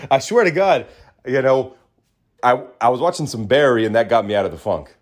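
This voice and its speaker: A man hosting a podcast in a small studio, talking in an animated, ranting way that drops to low mutters. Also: moderate pace. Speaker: podcast host. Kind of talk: casual ranting monologue.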